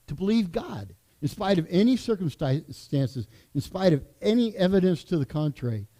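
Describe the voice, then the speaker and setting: A man's voice: a little high, warm tone. A middle-aged man, a church elder, preaching a sermon in a conversational way with asides.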